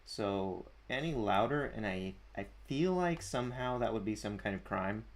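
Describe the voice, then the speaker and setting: Male streamer, low-pitched, casual chatty host reading comments into a desk mic. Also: expressive, moderate pace. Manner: chatty, chuckling, reads usernames aloud. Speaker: livestream host. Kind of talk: casual livestream chat, reading chat aloud. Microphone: desk mic at a streaming setup.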